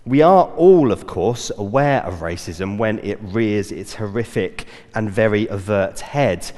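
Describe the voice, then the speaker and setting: Man, church elder, sermon, earnest, halting with fillers, echoing hall. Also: mid-range voice, a little mellow. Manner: earnest, hesitant with fillers and restarts.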